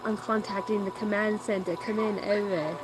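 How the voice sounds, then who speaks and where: A woman's voice: medium pitch, fairly even intonation, normal speed, background noise. A woman doing a live-stream oracle card reading, chatting playfully and joking with her viewers.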